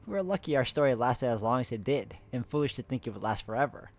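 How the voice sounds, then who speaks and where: Hosting a co-op puzzle game playthrough, this man speaks fast and animatedly at a medium pitch. Between plainly read in-game letters, he stops to laugh and chat casually with his friend.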